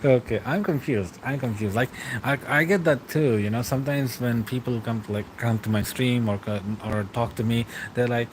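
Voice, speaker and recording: A young man rambles easily through a late-night stream, answering chat with loose, chuckling asides. His voice sits at a middle pitch. Faint traffic noise can be heard under it. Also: normal speed, rough recording.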